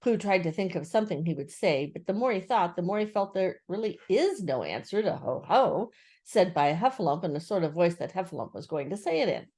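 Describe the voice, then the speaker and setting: Older woman reading a storybook with lively pitch. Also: a little fast. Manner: expressive, animated reading. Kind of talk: reading a children's book aloud.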